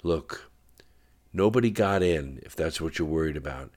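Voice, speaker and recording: A man with a very deep voice voicing a calm, careful husband sitting at his wife's hospital bed. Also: moderate pace. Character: gentle worried husband, guarded with bad news.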